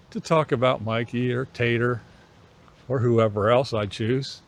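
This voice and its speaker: A middle-aged man vlogging on an evening walk outdoors, musing in an unhurried way with pauses between phrases. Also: medium pitch. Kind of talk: reflective walking vlog chat.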